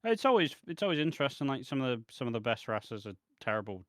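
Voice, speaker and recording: A man co-hosts a wrestling podcast, talking in a blunt, sardonic, profane way. His mid-range voice is a bit bright, swings widely in pitch and moves quickly, recorded clean in a studio with no room sound.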